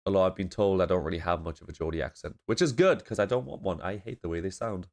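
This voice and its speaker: A man from northeast England talks in a very low voice, stuffy with a blocked nose. He rambles casually, laughs often and swears freely while reacting to a show. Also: fast talker, a little mellow.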